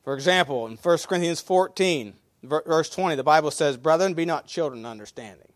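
Folksy pastor preaching, high voice. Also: male voice, animated, a little fast, dry recording, clean studio sound. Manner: folksy, swings between loud emphasis and low asides. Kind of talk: sermon.

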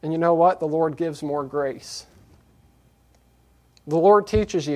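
A man preaching a sermon, moving from quiet reflection to raised, emphatic scripture reading. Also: on the high side, slow pace. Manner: earnest, repetitive exhortation.

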